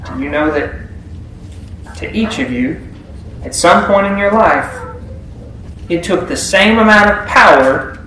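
A man with a high voice delivers a sermon to his congregation. He keeps it conversational and keeps asking them questions. His words ring through a very echoey church with a faint hiss behind them. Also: a bit bright, recorded from a distance. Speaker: preacher. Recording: very echoey room.

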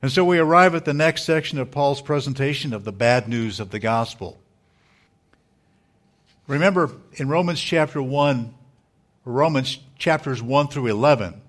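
A man's voice: mid-range voice, expressive. Earnest man preaching a sermon. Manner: measured, earnest preaching with small restarts. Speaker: pastor.

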